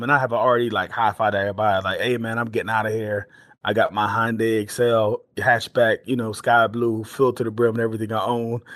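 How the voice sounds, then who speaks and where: Animated man telling stories, dry sound. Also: medium pitch, no room sound. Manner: animated storyteller, frequent restarts and fillers. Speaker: guest, former pro football player turned entrepreneur. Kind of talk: storytelling podcast interview.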